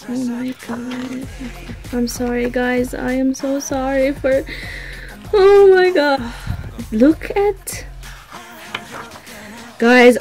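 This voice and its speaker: A young woman records an album unboxing vlog, gushing breathlessly over each page. Her voice sits a little high and she takes her time between exclamations. Soft music plays faintly behind her. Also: poor audio. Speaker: vlogger. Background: faint background music.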